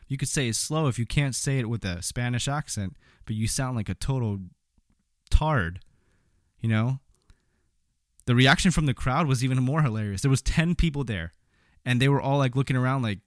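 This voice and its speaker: A man's voice: mid-range voice, a little fast, no echo, studio quality. A man giving opinionated political commentary in a sarcastic, indignant, mocking manner.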